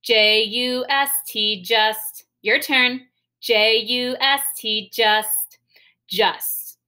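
A woman teacher leading a sight-word lesson for young children, talking clearly and spelling words out letter by letter. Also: on the high side, steady tone, bright, forceful tone. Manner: slow, clear, enunciating and spelling words aloud for kids.

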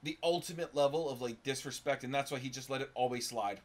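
A young man from Canada talking casually about a film he watched, relaxed, laughing and swearing. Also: medium pitch, fast. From Quebec, Canada. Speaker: co-host reacting to a film. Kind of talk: casual reaction chat.

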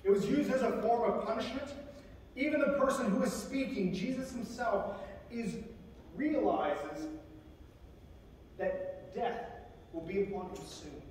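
A high-voiced male military chaplain preaching a sermon. He keeps it conversational and gives the scripture quotes voices of their own. He is picked up from across a big chapel, with a long, ringing reverb and a faint hum behind him. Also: a little mellow. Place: large chapel. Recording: echoey chapel from far off.

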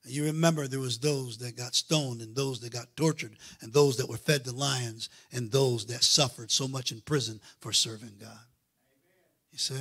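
A man preaching a sermon as pastor, swinging from quiet asides to loud fervent preaching. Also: medium pitch, husky. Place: church auditorium.

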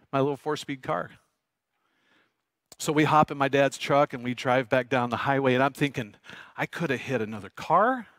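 A middle-aged man preaching a sermon, telling a lively personal story and asking the congregation questions. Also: mid-range voice, no room sound. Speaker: pastor. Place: church sanctuary.

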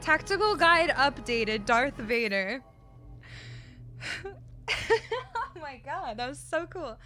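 A young woman streams a video game and reacts at full tilt, swearing and shrieking when surprised. Her voice sits high and swings widely, yet she talks at an unhurried pace. Loud game music plays behind her. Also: animated. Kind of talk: live gameplay reactions.

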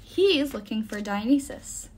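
A woman's voice: fairly high pitch, animated, normal speed, background noise, lightly acted. A woman reading aloud and voicing a tense teenage demigod boy who speaks in short, clipped bursts.

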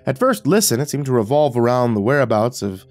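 A man narrating a scripted horror story in a measured storytelling way. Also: medium pitch, very animated, a little mellow, faint music behind.

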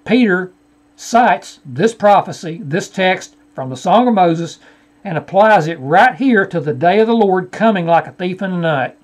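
High-voiced man arguing a Bible point. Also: lively intonation, measured pace. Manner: argumentative, repeatedly addressing an opponent by name. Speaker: Bible teacher. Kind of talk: screen-share Bible study rebuttal.

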